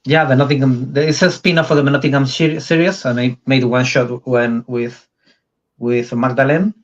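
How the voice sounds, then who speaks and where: A man's voice: medium pitch, steady tone, moderate pace. Guest: Spanish man, accented English, searching for words, slightly dull lo-fi audio. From Spain. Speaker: interview guest, comic artist. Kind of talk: casual interview chat.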